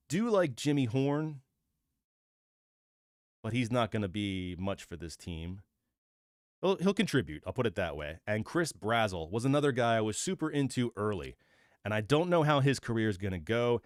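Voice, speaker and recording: A man hosting his own channel, giving opinionated casual commentary and thinking out loud with fillers and restarts. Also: fairly low pitch, clear, resonant tone, no echo, clean studio sound. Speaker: host of a football channel.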